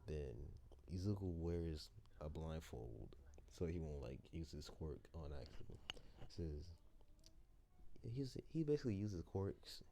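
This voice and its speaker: Low-voiced man rambling through a fan story. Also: sing-song, measured pace, dark tone, a little hiss or hum. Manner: rambling, hesitant, with many restarts. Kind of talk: improvised fan story narration.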